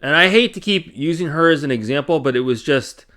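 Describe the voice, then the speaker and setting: A man's voice: on the high side, fairly quick. A man hosting his own channel, chatting casually from his home games room with rambling asides and lots of fillers. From Canada. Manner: rambling, many fillers, animated retelling. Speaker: YouTube channel host. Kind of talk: casual vlog chat.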